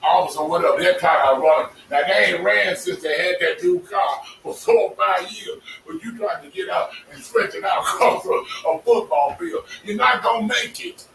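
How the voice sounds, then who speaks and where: A man telling casual stories to his vlog audience, animated and laughing, cursing freely as he talks. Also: high voice, normal speed, gravelly, few pauses. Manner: animated, swearing, laughing storyteller. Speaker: vlogger. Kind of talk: casual storytelling monologue. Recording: echoey, distant mic with faint noise.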